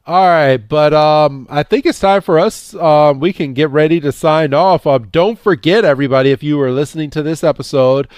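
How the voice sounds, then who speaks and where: A man co-hosting a podcast, casually recapping a cartoon episode and acting out the characters' lines with a jumpier, higher voice, full of fillers and repeats. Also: moderate pace, few pauses, smooth, no echo, studio quality. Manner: animated retelling, acting out characters' lines with raised pitch; many fillers and repeated words. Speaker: podcast co-host.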